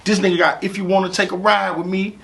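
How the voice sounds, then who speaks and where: A man from St. with a gravelly voice, telling stories in a casual interview, animated and profane, often saying "you know what I'm saying.". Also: sits high, fast talker. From St. Louis, USA. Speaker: rapper interview guest.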